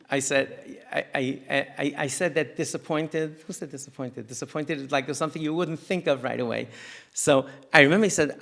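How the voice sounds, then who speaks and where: A middle-aged American rabbi gives a parenting talk to a community audience in a synagogue hall. He tells stories animatedly, acting out quotes and frequently restarting his sentences, in a mid-range voice with vocal fry.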